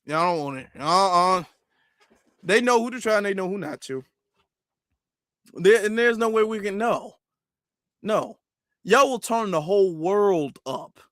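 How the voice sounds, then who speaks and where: A man's voice: high voice, animated, unhurried, pauses often, a bit bright, no echo, studio quality. A man doing emphatic live-stream commentary, repeating himself and firing rhetorical questions. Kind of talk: live-stream commentary reading super chats.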